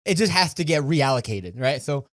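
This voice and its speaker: A man's voice: on the high side, big pitch swings, normal speed, no room sound. A man in his late twenties, a podcast co-host, chatting casually, boastful and mock-proud, laughing often. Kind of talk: casual chat.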